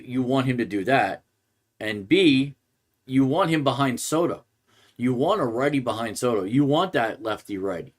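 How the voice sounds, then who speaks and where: A man hosting a sports podcast, ranting in a rambling way and restarting his sentences often. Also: mid-range voice. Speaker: podcast host. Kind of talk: casual sports rant.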